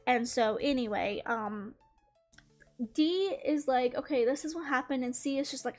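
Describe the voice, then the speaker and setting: Giggly high-voiced young woman rambling. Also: expressive, moderate pace, faint music behind. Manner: rambling, many "like" fillers, giggly. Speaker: YouTuber. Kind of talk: casual storytime while drawing.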